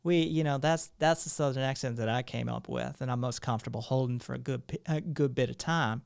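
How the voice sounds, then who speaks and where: Rambling male streamer with a smooth voice. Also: mid-range voice, a little fast. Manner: rambling, many fillers and restarts. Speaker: streamer host. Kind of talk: live stream talk.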